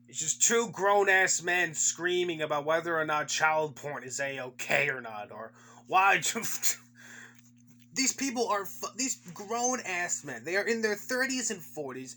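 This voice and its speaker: A man's voice: a little high, sharp tone, slight background noise. A man giving profane, mocking commentary, swearing constantly and repeating taunting questions. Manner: heavy swearing, taunting repetition.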